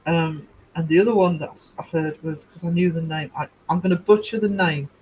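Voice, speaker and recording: A man's voice: a little high, normal speed, a little mellow, a little hiss or hum, poor audio. A middle-aged man hosting a casual livestream, rambling chattily through stories and replies to his chat. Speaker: livestream host.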